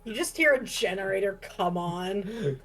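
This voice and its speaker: A woman's voice: mid-range voice, lively intonation, unhurried, low-quality recording. A woman chatting casually as a player in a tabletop game, laughing often.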